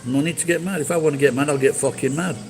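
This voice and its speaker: A man's voice: on the high side, racing, a little mellow, faint music behind, rough recording. A man live streaming and chatting with viewers, blunt and profane as he berates them.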